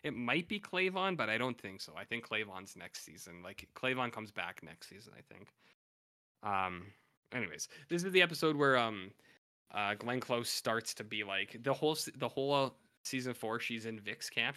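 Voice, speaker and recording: Here the podcast co-host speaks at a moderate pace, his medium-pitched voice animated, pushed and bright. He rambles casually through a TV episode recap, full of fillers and loose paraphrases of what characters said.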